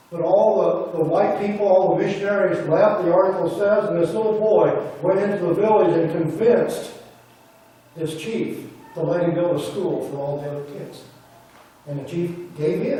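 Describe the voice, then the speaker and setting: Preacher telling a story in a roomy church. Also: male voice, high-pitched, mellow. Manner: retells a story, quoting the people in it. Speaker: pastor. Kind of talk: sermon storytelling. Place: church sanctuary. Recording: roomy church audio from a distance.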